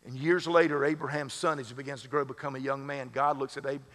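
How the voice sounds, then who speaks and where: A man's voice: medium pitch, flat delivery, fast talker, a bit bright. A man serving as lead pastor, preaching a sermon in a conversational way with humorous asides. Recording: long hall reverb.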